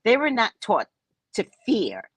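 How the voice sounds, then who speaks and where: A woman host telling a story in casual chat, mocking and animated, laughing often and jumping high when exasperated. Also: unhurried, dry recording. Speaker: podcast host.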